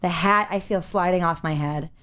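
A woman telling a story in casual chat, animated, with loose swearing and many fillers. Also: on the low side, moderate pace. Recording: dull lo-fi audio.

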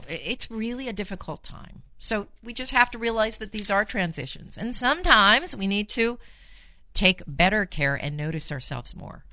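A woman's voice: mid-range voice, bright, forceful tone, no echo. A woman hosting a call-in advice show as a therapist, reassuring callers and reading listener emails in a chatty way with many fillers. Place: Los Angeles studio.

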